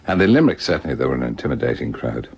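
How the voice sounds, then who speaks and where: A man's voice: rumbling low, very animated, racing, vocal fry, darkish tone, slightly rough. An older Irish man telling stories in a radio conversation, laughing often and slipping into little voices. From Ireland. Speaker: guest author.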